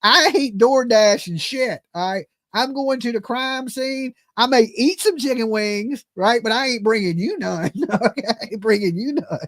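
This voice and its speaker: A man's voice: extremely high pitch, moderate pace, hardly any pauses, fairly bright tone, no room sound, studio quality. A man hosting a casual livestream, talking brashly with lots of swearing and laughter, and punctuating points with "okay?". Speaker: livestream commentary host. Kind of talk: casual reaction commentary.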